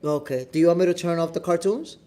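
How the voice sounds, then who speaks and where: A man from New York City with a New York accent, hosting a boxing show as a casual livestream chat from home, animated and talking straight to his viewers. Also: fairly high pitch, quick pace. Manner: animated, repeats himself, talks straight to viewers. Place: home, at the Dominican Republic.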